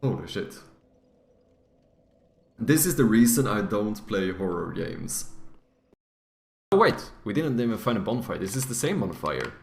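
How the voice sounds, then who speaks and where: A man's voice: lowish voice, sing-song, measured pace, vocal fry, long pauses. A man streaming live, thinking aloud casually as he codes and plays, swearing freely. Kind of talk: live stream commentary while coding and gaming.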